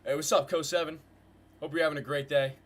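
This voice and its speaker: A man hosting a live trading stream, calling market moves to his viewers in a hyped, slangy way and repeating phrases in quick bursts. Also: on the high side, fairly even intonation, slight background noise. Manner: hyped, slangy, talks to chat with "guys" and "bro". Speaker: trading livestream host. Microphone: desk mic with headphones.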